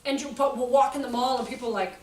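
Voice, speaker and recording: A woman in her forties giving a jokey, animated talk to an audience about children's behavior and acting out the quotes. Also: high-pitched, very fast. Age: 40s. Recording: echoey hall, voice from far off, faint noise.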